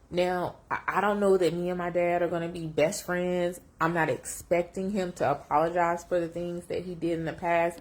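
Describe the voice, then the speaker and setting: A woman telling a personal story on camera, reflective and emotional, close to tears, with lively jumps when she quotes herself. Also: low voice. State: tearful. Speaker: vlogger sharing a personal story.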